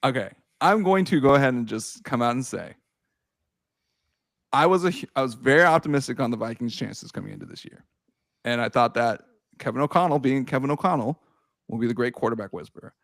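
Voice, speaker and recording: Male podcast host, thirties, animated storyteller, dry booth sound. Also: brisk, no echo. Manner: animated storytelling, swearing, laughing, shouting at highs. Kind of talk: casual chat.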